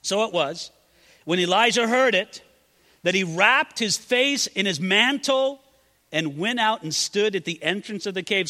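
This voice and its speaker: A man's voice: high voice, lively intonation, a little slow, bright, forceful tone, long reverb tail. A man preaching a sermon, dramatically acting out quoted prayers in a raised voice. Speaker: pastor.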